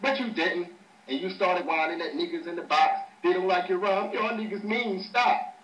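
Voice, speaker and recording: A man's voice: sits high, normal speed, fairly bright tone. A man talking loose, profane, dismissive smack between rap battle rounds over a voice chat mic. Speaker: battle rapper. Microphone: webcam chat mic. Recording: roomy distant webcam audio with faint hiss.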